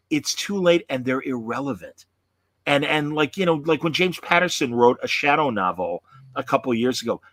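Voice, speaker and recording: A man's voice: fairly high pitch, bright, forceful tone, no echo. A man hosting a podcast in casual chat, rambling and self-deprecating, often slipping into voices. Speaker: podcast host.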